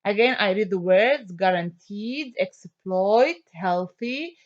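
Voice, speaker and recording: A woman teacher giving an online phonics lesson, repeating each word slowly and checking in with "okay?". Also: medium pitch, expressive. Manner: slow, drawn-out word repetition with frequent "okay?" checks. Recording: dull lo-fi sound.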